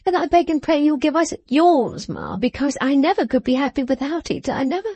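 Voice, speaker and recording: A woman's voice: high-pitched, expressive, a little slow, dark tone, dry recording, voice pushed up. A woman doing a sobbing, pleading young girl. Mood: tearful pleading. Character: tearful young woman pleading with her mother.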